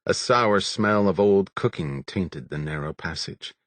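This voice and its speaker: A man reading a novel aloud as an audiobook narrator, in a measured, steady way. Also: deep voice, no echo. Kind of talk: scripted narration.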